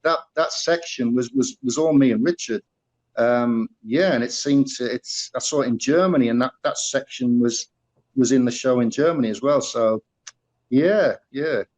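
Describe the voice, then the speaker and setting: A man's voice: medium pitch, normal speed, a little mellow, rough recording. A middle-aged man from the northeast of England with a Teesside accent, telling stories as an interview guest, full of fillers and restarts. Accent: Northeast English (Teesside). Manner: rambling, many fillers and restarts. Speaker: guest, former musical performer. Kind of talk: casual interview storytelling.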